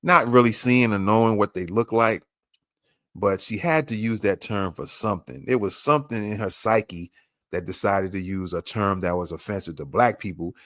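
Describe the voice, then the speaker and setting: Guy hosting a podcast, fired up, keeps firing rhetorical questions, low voice. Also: normal speed, fairly bright tone, dry recording, studio quality. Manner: emphatic, piles up rhetorical questions. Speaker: podcast host. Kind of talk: commentary on a played clip.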